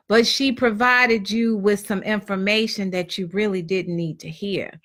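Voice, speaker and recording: A woman's voice: mid-range voice, normal speed, few pauses, a bit bright. A woman giving a blunt, preachy motivational talk to women, acting out the complaints she hears from people. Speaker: motivational speaker.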